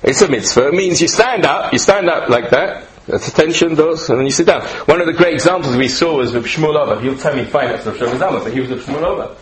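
An older man teaching a Torah class, animated and rhetorical, repeating phrases and mixing in Hebrew and Yiddish terms. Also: on the high side, quick pace, rough recording. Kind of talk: Torah lecture.

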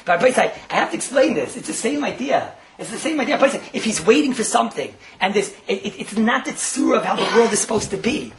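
Guy teaching torah class, fast talker, laughs a lot, voice swings all over. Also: high voice, background noise. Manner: animated, laughing as he talks.

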